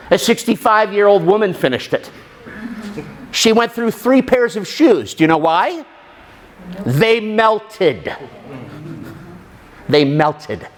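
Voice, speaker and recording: Animated high-voiced man telling a story. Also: slight background noise. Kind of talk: storytelling talk to an audience.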